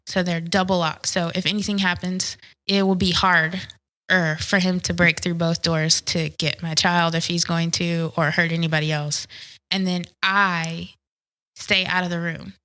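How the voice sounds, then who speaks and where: A woman's voice: lowish voice, a bit bright, no echo, rough recording. A woman in her thirties telling a personal story as a podcast guest, speaking earnestly and acting out quoted lines. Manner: earnest, conversational, reenacts quoted dialogue.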